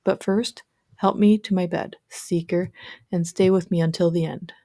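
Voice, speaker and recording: An ancient crone with a raspy, low voice, gruff at heart but grandmotherly, as a woman reads her aloud. She speaks in solemn, proclaiming tones with a soft, mellow warmth. A storybook witch of great age and wisdom. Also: fairly even intonation, normal speed, no room sound, clean studio sound, lightly acted.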